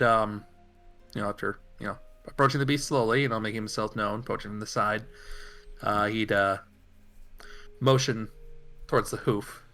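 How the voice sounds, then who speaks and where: Hesitant bright-voiced game player. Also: male voice, medium pitch, gravelly. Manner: hesitant, full of fillers while thinking aloud. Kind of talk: tabletop game role-play.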